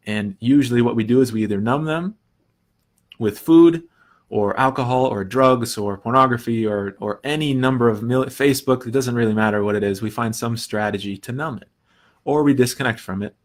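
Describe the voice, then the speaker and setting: A young adult man hosting a recovery talk, explaining ideas earnestly in a casual teaching way, often restarting and softly acting out quoted thoughts. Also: medium pitch, normal speed. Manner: earnest, thinks aloud with restarts and soft quoted asides. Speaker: recovery podcast host.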